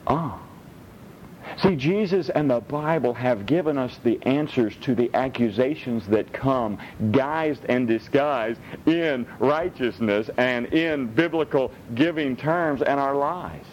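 A male pastor preaching a sermon, blunt and animated, swinging between high and low. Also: unhurried. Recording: dull lo-fi with faint rumble.

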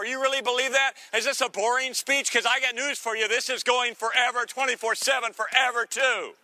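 A man preaching a sermon in a teasing, conversational way, full of quick asides to the congregation. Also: very high voice, bright, forceful tone, no echo. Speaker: pastor.

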